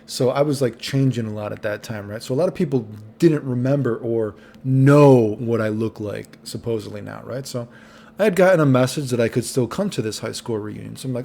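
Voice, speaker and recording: A man's voice: medium pitch, fairly quick, creaky, dark tone. A young man telling a rambling, profane storytime monologue, tagging lines with "right?". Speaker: vlogger.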